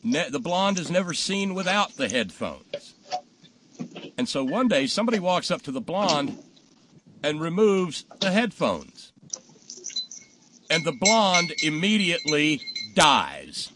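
A man hosting a talk show, telling jokes casually and acting out the punchlines loudly. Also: fairly high pitch, slow pace, long pauses, background noise. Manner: animated storyteller, acts out punchlines loudly.

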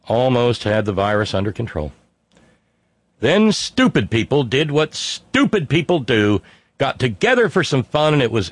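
Reading listener emails aloud, a middle-aged man from West Virginia hosts a casual podcast talk show in a sardonic, profane monologue. He has a mid-range voice, and there's no room sound in the recording.

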